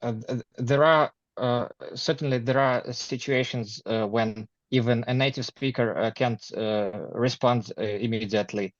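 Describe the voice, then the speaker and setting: A man's voice: mid-range voice, normal speed, hardly any pauses, no echo, highs cut off. Hesitant man learning English. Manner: hesitant, many fillers and restarts. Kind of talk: conversation class practice.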